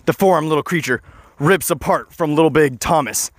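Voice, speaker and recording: A man's voice: on the high side, fairly quick, no room sound. A man telling an improvised story in a rambling way, often correcting himself and adding joking asides.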